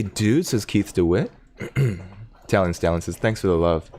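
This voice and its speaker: A man with a gravelly voice hosting a casual stock market livestream from his home desk, chatting, reading viewer comments aloud and talking to his dog. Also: low-pitched, animated, unhurried, pauses often, a little mellow. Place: home desk in Silicon Valley.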